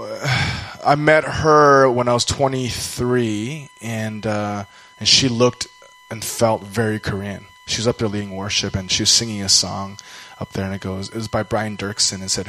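A man's voice: lowish voice, a bit bright, poor audio. A Canadian man telling a personal story during a sermon, rambling and self-deprecating, sometimes acting out the voices of people he quotes.

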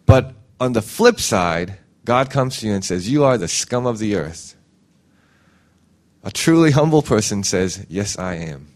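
A man's voice: lively intonation, measured pace, darkish tone. A man preaching a casual sermon in a conversational way, often ending points with "right?" and acting out quoted voices. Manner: conversational, frequent "right?" tag questions; acts out quoted voices with big pitch jumps.

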